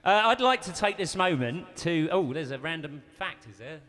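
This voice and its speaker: Bright, animated man in an echoey room. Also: fairly high pitch, normal speed. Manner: playful, teasing, enthusiastic. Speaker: bass player in a band. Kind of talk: casual banter.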